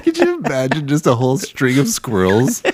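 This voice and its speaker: A man's voice: mid-range voice, wildly swooping pitch, normal speed, a little mellow, a little hiss or hum. A man co-hosting a podcast in casual chat, laughing often and restarting his sentences. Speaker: podcast co-host.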